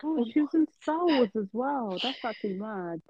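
A woman's voice: fairly high pitch, lively intonation, normal speed, a little mellow, breathy edge, dry recording. A woman chatting casually as a podcast co-host, often trailing off while searching for names. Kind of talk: casual chat. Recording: slightly dull, muffled sound.

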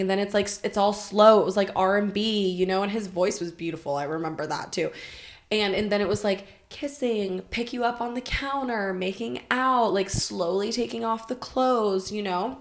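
A woman guest on a podcast, telling a candid personal story in casual chat, animated and full of "like" fillers and swearing. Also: mid-range voice.

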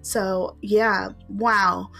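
A woman hosts an interview podcast and asks her questions in a supportive, agreeable way. Her voice has a breathy, slightly husky edge. Her pitch sits in an ordinary middle range. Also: little pitch movement, extremely slow, fairly bright tone, faint music behind. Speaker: podcast host. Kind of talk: interview conversation.

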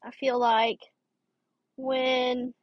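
A young woman talks through her podcast in a loose, rambling way, full of fillers and restarts, tired and dry-throated. Her voice sits a little high. The recording is dry and slightly muffled. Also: little pitch movement, drawn-out words, no room sound. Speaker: podcast host. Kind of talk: casual advice podcast.

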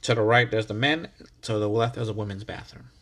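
A man hosting a podcast, telling a story in a casual, animated way, heavy on slang and repeated phrases for emphasis. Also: on the low side, brisk. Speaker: podcast host.

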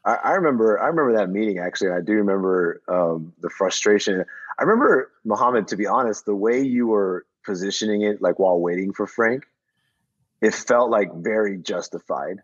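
A man on a casual podcast recalling a meeting in a halting, filler-heavy way and mimicking what others said. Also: fairly low pitch, expressive, husky. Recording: slightly dull, muffled sound.

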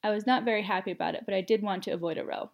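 Telling a story in the first person, a woman reads in an expressive, steady way at rapid-fire speed. Her voice sits at a typical mid pitch.

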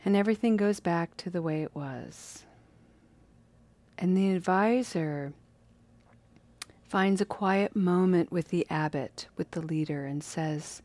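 A woman telling a story in a casual, lively, playful way with drawn-out phrasing. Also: fairly low pitch.

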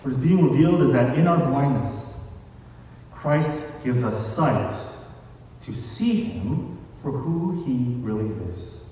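A man's voice: medium pitch, expressive, slow pace, dark tone, a little hiss or hum. A man preaching a sermon in a conversational way, mixing scripture reading with casual asides. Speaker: pastor. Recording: echoey hall, distant mic.

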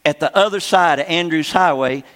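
Older pastor man preaching, kinda high voice, big echoey church hall, keeps asking amen?. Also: moderate pace, a bit bright. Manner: emphatic, repeats phrases, calls for "Amen?". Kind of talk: sermon teaching. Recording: long hall reverb.

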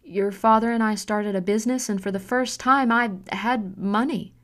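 A woman's voice: mid-range voice, steady tone, a bit bright, lightly acted. A woman voicing an intense middle-aged mother who is hard on her daughter, speaking in an earnest, pressing way in an audiobook story. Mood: wistful. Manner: earnest, pressing, slow deliberate pleading.

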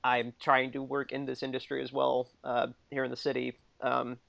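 A man's voice: medium pitch, monotone, moderate pace, gravelly, a bit bright, no echo. A man in his thirties co-hosting a podcast in casual chat, rambling with lots of fillers and laughing often. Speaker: podcast co-host. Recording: dull lo-fi dry recording.

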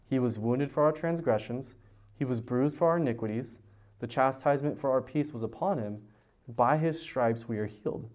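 A man preaching a verse-by-verse sermon as a youth pastor, animated, swinging from loud high emphasis to low quiet points, often repeating words as he starts a sentence. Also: normal speed. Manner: animated, rises in pitch and volume for emphasis, drops low on key points.

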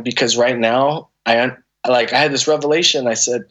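A man's voice: medium pitch, fairly even intonation, fast, fairly bright tone. A man in his thirties, a podcast guest, telling an emotional personal story in a candid, conversational way, earnest and full of restarts and fillers.

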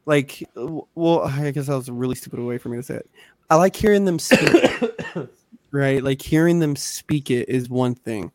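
A man's voice: medium pitch, moderate pace, a little mellow, no echo. A man co-hosting a podcast in casual chat, rambling and effusive, swearing often. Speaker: podcast co-host.

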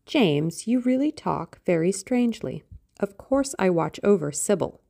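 A woman's voice: mid-range voice, lively intonation, unhurried, gravelly, mellow, voice pushed up. A woman voicing a fretful, affected middle-aged mother who was once a stage actress, with a theatrical, self-pitying manner.

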